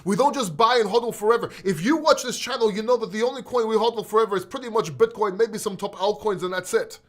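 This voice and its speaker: A man's voice: high-pitched, fast talker. A man hosting a casual crypto livestream, reading chat aloud in a talkative, blunt way and swearing freely.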